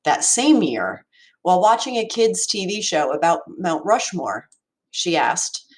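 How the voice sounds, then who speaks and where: A woman in her forties, an educator, giving a prepared talk in a measured, reflective storytelling manner. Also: fairly low pitch, very animated.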